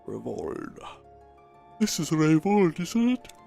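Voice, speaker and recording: A man streams a building game, chatting casually and mocking himself as he talks to himself while playing. His voice is on the high side, very animated yet slow, creaky and warm, over soft background music.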